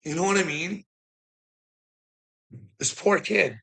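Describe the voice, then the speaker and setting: A man's voice: high-pitched, slow, vocal fry, pushed and bright, husky. A man on an angry livestream rant, swearing heavily and sounding bitter and indignant. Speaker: streamer.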